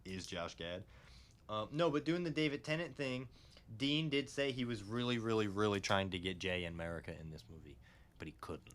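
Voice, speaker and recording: A man's voice: fairly low pitch, expressive, brisk, a bit bright. A young man co-hosting a podcast, rambling enthusiastically in casual chat and swearing now and then. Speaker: podcast co-host.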